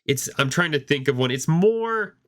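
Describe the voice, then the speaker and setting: A man co-hosts a gaming podcast, chatting casually and rambling with lots of restarts while fighting off a cough that leaves him hoarse. His voice is a little high and expressive, at a moderate pace with a fairly bright tone.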